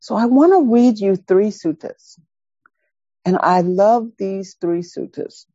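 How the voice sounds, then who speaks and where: A woman teaching Buddhist dharma, telling a personal story in an animated, emphatic way and repeating words for stress. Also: mid-range voice, takes it slowly, no echo, highs cut off. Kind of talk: dharma talk with personal anecdote.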